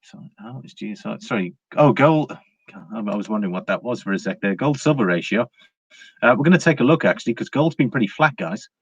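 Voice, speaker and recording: A man's voice: mid-range voice, expressive, a little fast, husky, no room sound. An English man hosting a casual livestream about precious metals, chatty and full of fillers, greeting viewers by name as he reads the chat. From England. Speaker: livestream host. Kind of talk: casual live-chat market commentary. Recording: dry, slightly dull home recording.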